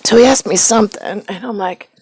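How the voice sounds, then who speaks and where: A woman talking in a casual, meandering monologue at home, now and then dropping into hushed, whispery asides. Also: mid-range voice, brisk, husky, dry recording.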